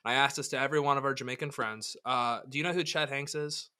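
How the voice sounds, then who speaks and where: A man's voice: medium pitch, fairly even intonation, quick pace, bright, forceful tone, clear, resonant tone. A man hosting a podcast, joking and swearing casually as he runs the interview. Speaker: podcast host.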